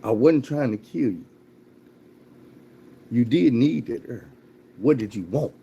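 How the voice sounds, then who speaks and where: A man voicing a calm male mentor who teaches a hard life lesson in a steady, preaching way. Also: mid-range voice, takes it slowly, gravelly, slightly rough, highs cut off, full character voice. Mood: calm, instructive.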